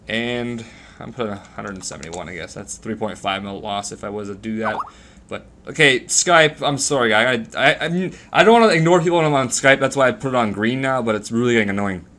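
A man's voice: medium pitch, a bit bright. A man giving casual, rambling gameplay commentary to his viewers, swearing freely as he plays. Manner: rambling, profane, talks to viewers while playing. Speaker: gaming channel host.

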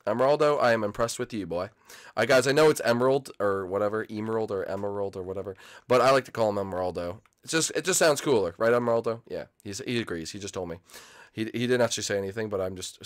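A young man hosting a gaming channel, excitedly commentating his own gameplay and calling out to other players and viewers. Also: medium pitch.

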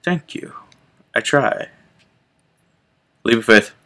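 A young man hosting his gaming channel, chatting casually and reacting out loud to the game as he plays. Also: mid-range voice, expressive, takes it slowly. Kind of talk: casual gameplay commentary.

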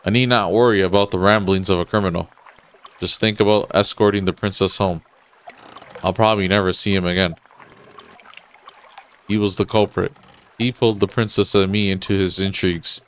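A man's voice: sits low, steady tone, moderate pace, pauses often, a bit bright. A man voicing a dutiful, pompous male knight who talks in a stern and stiffly formal way, with faint game music behind him. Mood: brooding.

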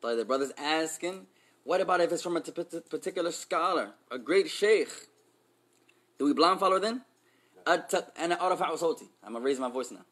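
A man teaching a class, his voice bright and forceful and a little higher than most men's. He jumps between Arabic and English, quizzes the room and slips in playful street slang. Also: animated, a little fast. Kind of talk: Islamic class lesson.

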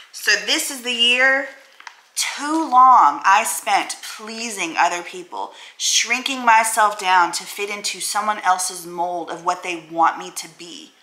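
Woman vlogger, bright forceful voice, candid and blunt, swears freely, roomy echo. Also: mid-range voice, slow pace. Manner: emotional, blunt and self-affirming, cusses freely. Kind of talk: candid talking-to-camera vlog. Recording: roomy echoey room.

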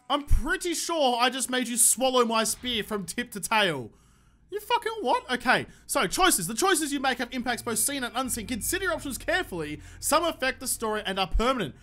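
Excitable, foul-mouthed Australian gamer man. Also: very high-pitched, a little fast. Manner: excitable, profane, jokey. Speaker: gaming YouTuber. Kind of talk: let's play commentary.

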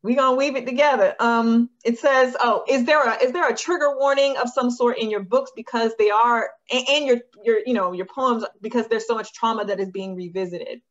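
A woman's voice: fairly high pitch, fairly quick, hardly any pauses, dull audio. A woman interviewing a guest, thinking aloud and restarting her questions as she goes.

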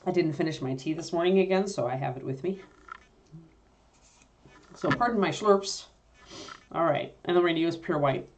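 A woman with a low voice talks through a painting lesson as she works. She chats easily, often pausing on fillers to think while she mixes colors at her painting desk. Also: darkish tone, a little hiss or hum. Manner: chatty, thinks aloud with fillers while working. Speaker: miniature painting instructor. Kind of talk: casual painting tutorial.

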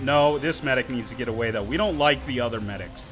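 Bright-voiced man doing gameplay commentary. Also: medium pitch, fast talker. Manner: sarcastic, joking, excitable. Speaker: gaming channel host.

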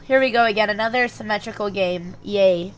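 A woman's voice: mid-range voice, brisk, slight background noise. A young woman streaming chess, thinking her moves aloud and breaking off to chat with her viewers. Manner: muttering calculations, then bursts of animated chat with viewers. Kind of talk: thinking aloud while playing chess online.

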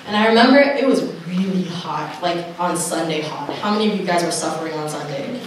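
A woman's voice: lowish voice, a little fast. A young woman telling an earnest personal story at a camp gathering, acting out dialogue and laughing now and then. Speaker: camp speaker. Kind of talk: personal testimony message. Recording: echoey hall from far off, noisy.

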